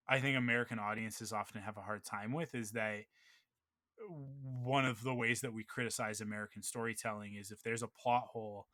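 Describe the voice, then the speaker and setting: Bright-voiced man, dry close podcast sound. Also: medium pitch, no echo. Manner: thoughtful, talks through ideas with restarts and fillers. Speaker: podcast co-host. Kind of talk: casual chat.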